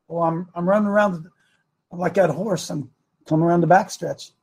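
A man hosting a preaching talk show into a studio microphone. He talks emphatically, repeats his lines and slows right down to hammer his points. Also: high voice, steady tone, a little mellow, slightly rough.

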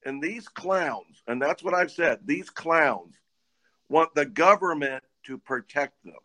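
Male co-host, unhurried and bright-toned, leans hard on repeated words. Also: a little high, animated. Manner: emphatic, repeats key words. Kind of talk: casual chat.

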